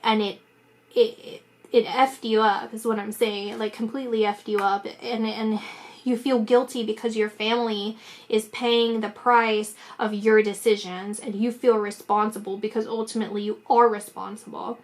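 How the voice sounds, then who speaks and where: A woman giving a psychic tarot reading in a rambling, emphatic way, talking fast with many fillers and restarts. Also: a little high, little pitch movement. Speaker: tarot reader.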